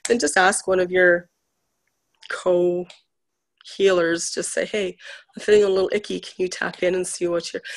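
Gravelly woman telling a story. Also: on the low side. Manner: chatty storytelling, retelling others' words. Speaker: guest healer. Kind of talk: casual chat.

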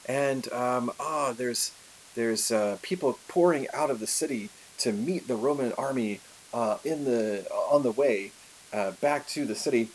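A man recounts history in a relaxed lecture style, chatty and animated, with plenty of asides. His voice is mid-pitched, and a faint hiss runs underneath the recording. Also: a little slow, rough recording. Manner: lively, conversational, with many fillers and asides. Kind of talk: casual storytelling lecture.

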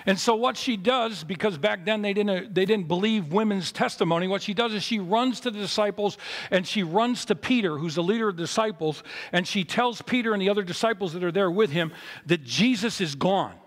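A pastor giving a sermon at a memorial service in a chapel, telling a story with big swings between loud, high moments and low, quiet ones. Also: male voice, fairly quick, long reverb tail. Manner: animated storytelling with big swings in pitch and loudness.

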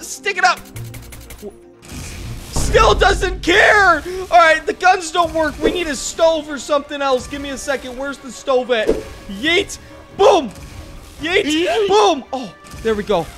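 A young man giving excited gameplay commentary, jumpy and yelping and shouting in panic. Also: very high-pitched, unhurried. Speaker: gaming YouTuber. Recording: music playing behind the voice.

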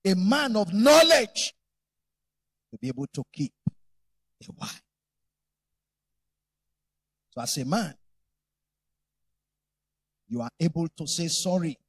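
A man's voice: fairly high pitch, husky, no echo. A man preaching a sermon, telling stories with humor and acting out voices. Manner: animated, humorous storytelling.

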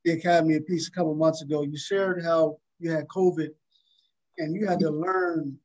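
A man's voice: fairly high pitch, fairly even intonation, moderate pace, darkish tone, rough recording. A male talk show host introducing a guest on a video call, stammering and repeating words.

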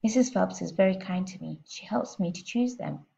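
A woman's voice: fairly low pitch, moderate pace, creaky, mellow. A woman voicing a small, clever, polite girl who speaks in an earnest, precise way, heard on a slightly muffled lo-fi recording.

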